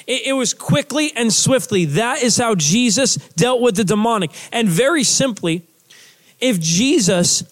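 A male pastor delivering a sermon in a conversational style, with lots of "you know" fillers and restarts, repeating his key phrases for emphasis. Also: sits high.

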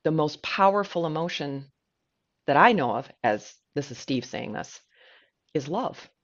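Woman podcast co-host, chatty storyteller, lively and filler-heavy, slightly dull lo-fi sound. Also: low voice, measured pace. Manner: animated, chatty, lots of fillers. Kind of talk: casual storytelling chat.

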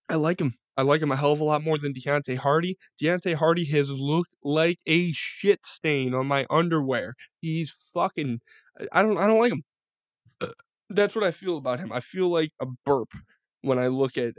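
Profane, excitable Buffalo-area sports fan. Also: male voice, on the high side, no echo. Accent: Western New York. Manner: profane, rambling, excitable storytelling. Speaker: podcast host. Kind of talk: casual sports commentary.

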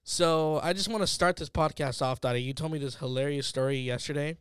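A man's voice: a little high, fairly quick, noisy background. A man hosting a podcast, chatting casually and joking with laughter. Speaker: podcast host. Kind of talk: casual chat.

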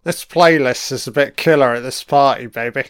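A man's voice: medium pitch, normal speed, a bit bright, smooth, dry recording, studio quality. A man giving crude, profane live reaction commentary while watching an episode. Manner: crude, profane running remarks.

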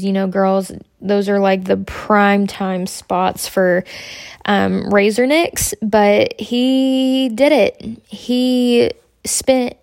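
A young pregnant woman with a lilt chats candidly and rambles on her own podcast. Her voice has a gravelly fry running through it. The sound is close and dry, with no room around it. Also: mid-range voice, a little mellow, no echo. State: pregnant, about twenty-two weeks. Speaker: podcast host. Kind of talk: casual podcast chat.

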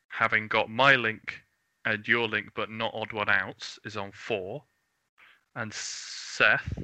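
A man co-hosting a podcast, chatting casually and teasing his co-host with deadpan jokes. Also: on the low side, clean tone, no echo. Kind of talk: casual chat.

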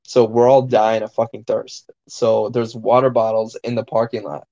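Dude telling a crazy story, swears constantly, kinda dull lo-fi sound. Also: male voice, fairly low pitch, normal speed. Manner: profane, excitable storyteller, lots of fillers. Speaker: podcast co-host. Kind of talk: casual storytelling chat.

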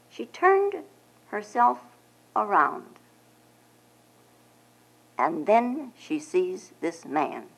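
Slow, expressive woman giving a sermon. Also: medium pitch, slightly rough, low-quality recording. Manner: slow and expressive, frequent "you know" asides. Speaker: Zen teacher giving a sermon. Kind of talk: spiritual sermon, retelling scripture.

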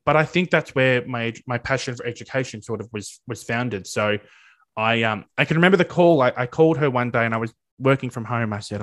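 A young man with an Australian accent talks through an interview answer in an earnest, eager way. His voice sits at an ordinary middle pitch, and he often stumbles and restarts mid-sentence as he goes. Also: fairly quick, a bit bright. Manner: earnest and enthusiastic, with frequent restarts. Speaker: interviewee, student teacher.

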